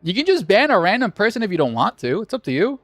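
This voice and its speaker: A man's voice: high voice, very animated, fast, no echo, faint music behind. A man hosting a game tournament on a livestream, chatting casually and joking with viewers, swearing now and then.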